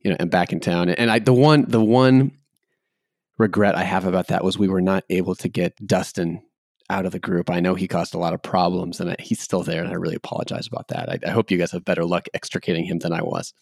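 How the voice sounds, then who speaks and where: A man's voice: low-pitched, little pitch movement, quick pace, creaky, a little mellow, no echo, studio quality. A man hosting a podcast interview, casual and joking, with many fillers. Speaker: podcast host.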